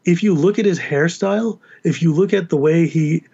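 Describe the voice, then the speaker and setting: An animated American man with a Californian accent, talking in a slightly raised voice. He chats with quick asides and frequent laughs, and the recording sounds dull and lo-fi. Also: fairly high pitch. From United States. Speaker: podcast guest. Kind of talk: casual chat.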